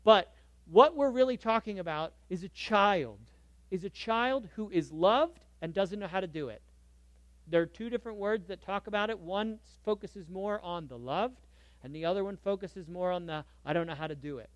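Male pastor preaching, lively and emphatic, high voice, dry close sound. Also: moderate pace, no echo, muffled recording. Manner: animated and emphatic, swinging from loud bursts to soft asides. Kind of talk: sermon.

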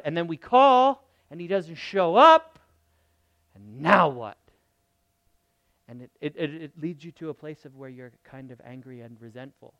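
Guy preaching, high smooth voice, goes loud then drops to a hush, asks the church stuff. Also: dry recording, highs cut off. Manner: preaching with sudden swings from loud to very quiet; talks straight to the congregation with questions. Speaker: pastor. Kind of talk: sermon.

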